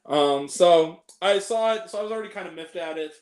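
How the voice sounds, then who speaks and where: A man's voice: high voice, brisk, a little mellow, roomy sound. A young man hosting a casual film review chat, ranting and swearing freely as he picks apart the movies he hated. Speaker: host.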